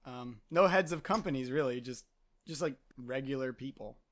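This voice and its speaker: A man's voice: medium pitch, normal speed, fairly bright tone. A man narrating as game master of a tabletop game, hesitant and full of fillers. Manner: hesitant, filler-heavy, laughs often.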